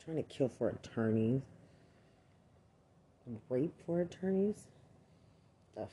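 Slow, very dark-voiced man ranting angrily. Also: medium pitch, expressive, husky. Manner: furious, accusatory, swears constantly. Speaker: army veteran. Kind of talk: angry profane rant.

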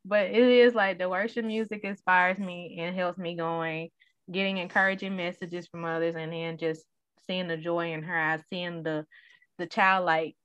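A woman in her thirties in casual conversation, an animated storyteller who acts out the voices in her stories. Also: lowish voice, moderate pace, clean tone, no echo. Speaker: guest sharing her story. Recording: dull, dry sound.

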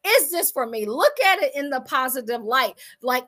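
A woman delivers a motivational sermon in a high voice. She is animated and keeps firing questions at her listeners. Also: unhurried, few pauses. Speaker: faith and business speaker.

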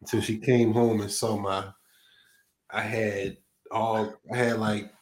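A man's voice: lowish voice, slow pace. Laid-back guy chatting on a podcast, says like a lot. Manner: relaxed, conversational, filler-heavy. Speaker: podcast co-host. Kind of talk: casual chat.

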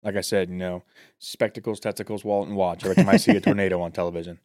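A man with a Southern American accent co-hosting a podcast in casual chat, loose and profane, joking around and now and then breaking into loud mock voices. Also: sits low, fairly even intonation, very fast, dry recording, studio quality. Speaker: podcast co-host.

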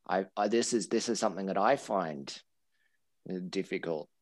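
A man with a fairly low voice talks through teaching points in a relaxed podcast chat, stumbling over and repeating words as he explains. The sound is close and dry. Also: moderate pace, no echo. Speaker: English teacher. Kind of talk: casual educational podcast chat.

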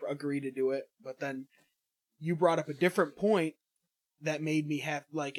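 A man who plays in a tabletop game, talking casually and hesitantly, with many restarts. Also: a little high. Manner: hesitant, searching for words. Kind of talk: casual chat.

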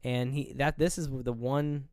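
A man's voice: mid-range voice, steady tone, unhurried, a little mellow, clean tone, dry recording. Casual male podcast co-host with a dry close mic, meandering and profane, slipping into quoted movie lines. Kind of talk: casual movie review chat.

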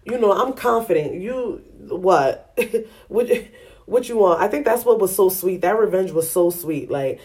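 A woman hosting a podcast, telling a story in a casual, slangy and animated way, often laughing. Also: medium pitch, unhurried. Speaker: podcast host.

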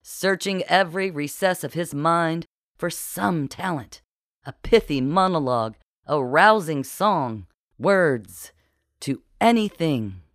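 An audiobook narrator reading a comic historical story with a wry, even delivery. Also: mid-range voice, takes it slowly, dry recording, clean studio sound. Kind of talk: scripted narration.

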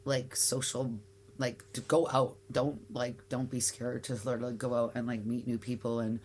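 Speaking at a normal speed, this bagel shop founder, a Canadian woman in her forties, chats loosely as an interview guest, often restarting and using fillers. Her very deep voice is flat and slightly mellow, and there's a bit of background noise.

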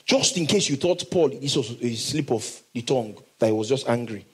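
A man preaching a sermon, reading scripture slowly and emphatically and leading the congregation in call and response. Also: mid-range voice, expressive, breathy edge, poor audio. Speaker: pastor.

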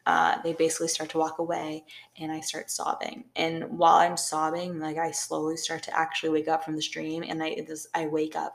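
A young woman with a low, creaky voice co-hosts a podcast and chats casually, drifting through a long story and saying "like" over and over.

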